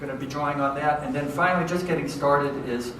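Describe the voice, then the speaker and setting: Animated male lecturer in an echoey hall. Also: on the high side, quick pace. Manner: lively, conversational, keeps checking in with "okay?" and "right?". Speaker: education professor giving a talk. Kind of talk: public lecture to educators. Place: large hall with an audience. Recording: echoey hall from far off, faint noise.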